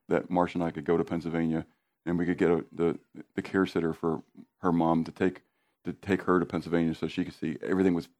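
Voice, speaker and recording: Delivering a sermon in a deep voice, a middle-aged pastor shifts from hushed asides to near-shouting with animated emphasis. He leans on repetition and asks the congregation call-and-response questions.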